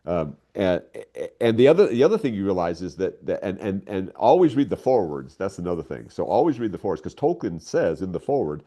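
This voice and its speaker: An older man, a writer being interviewed, talking casually and telling stories with lots of excitement. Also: deep voice, quick pace, few pauses. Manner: animated storyteller, voice leaps up when excited.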